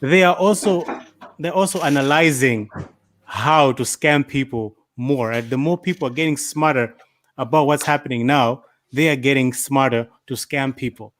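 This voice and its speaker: A man's voice: medium pitch, normal speed, a bit bright. A man on a discussion panel, telling stories in a rambling way and repeating words. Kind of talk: casual discussion.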